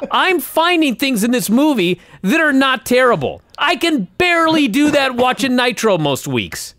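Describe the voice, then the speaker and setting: A man's voice: very high-pitched, big pitch swings, normal speed, fairly bright tone, no room sound, studio quality. A man co-hosting a podcast, ranting and swearing in exasperated casual chat. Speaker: podcast co-host.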